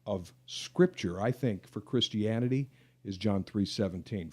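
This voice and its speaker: Earnest low-voiced middle-aged man. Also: measured pace, a little mellow. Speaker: podcast co-host. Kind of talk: casual podcast chat.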